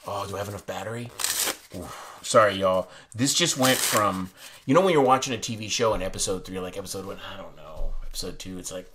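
A young man hosting a casual card unboxing, chatty and excitable, sometimes dropping to a hush. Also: sits low, a little fast, breathy edge. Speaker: playing card channel host. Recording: noisy room with card handling sounds. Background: shuffling cards and clicks.

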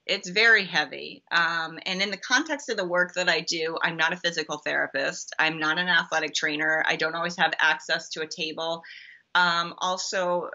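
A woman's voice: deep voice, sharp tone, highs cut off. A woman guest on a podcast interview, explaining emphatically with many ums and restarts. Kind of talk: conversational interview answer.

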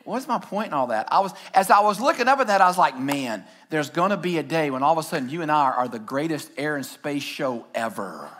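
A man pastor delivering a sermon from a church stage. His voice sits high and rings bright and forceful. He mixes scripture reading with excited, shouted storytelling. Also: a little fast, hardly any pauses.

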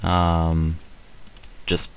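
A man giving casual, hesitant commentary while showing a game mod, with many pauses and fillers. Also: sits low, monotone, vocal fry, slight background noise, poor audio. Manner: hesitant, many ums, rambling.

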